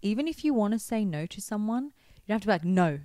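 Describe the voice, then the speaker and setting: A woman's voice: mid-range voice, quick pace, no room sound. Chatty young woman vlogger, dry sound. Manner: chatty and expressive, teasing asides to viewers. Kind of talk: casual faith-based advice talk to camera.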